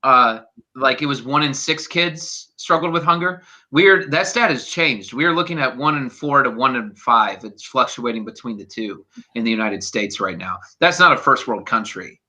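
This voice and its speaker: A man talking fast and heatedly as a guest in a political chat, emphatic and casually swearing. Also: mid-range voice, pushed and bright. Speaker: guest, teacher intern.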